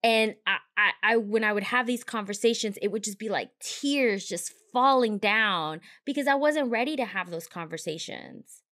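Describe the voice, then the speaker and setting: A woman's voice: medium pitch, normal speed, bright, forceful tone. Candid woman on a podcast. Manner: reflective, candid, with frequent restarts. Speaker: podcast co-host. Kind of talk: casual podcast conversation.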